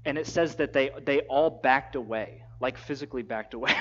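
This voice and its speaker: A man preaching a sermon, retelling a story in a lively, casual way and acting out the quotes. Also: mid-range voice, moderate pace, hardly any pauses. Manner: animated storytelling, acts out quotes in casual voices. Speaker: pastor. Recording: dull lo-fi sound.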